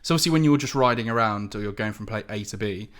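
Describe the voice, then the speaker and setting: A man's voice: lowish voice, fast. A man co-hosting a podcast, telling stories casually and acting out quoted lines. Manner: animated storyteller, acts out quoted lines. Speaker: podcast co-host. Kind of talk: casual chat.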